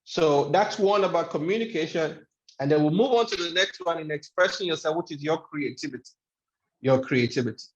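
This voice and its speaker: A man's voice: on the high side, brisk. A man giving a motivational webinar lecture, speaking emphatically and repeating key phrases for effect. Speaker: webinar speaker on life skills. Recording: echoey room, dull lo-fi sound.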